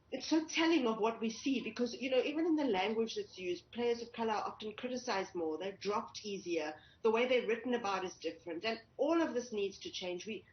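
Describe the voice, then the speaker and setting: A woman, a cricket journalist, giving thoughtful, measured news analysis over a remote link. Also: medium pitch, slight background noise. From South Africa. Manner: thoughtful, measured, with frequent restarts. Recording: roomy, slightly dull remote line.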